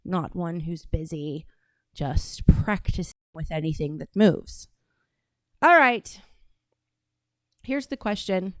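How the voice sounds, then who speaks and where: A woman's voice: lowish voice, expressive, slow pace, pauses often, no echo. A woman from Atlanta hosting a podcast, talking casually and bluntly with lots of profanity while reacting to clips. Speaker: podcast host. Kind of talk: casual commentary on played clips.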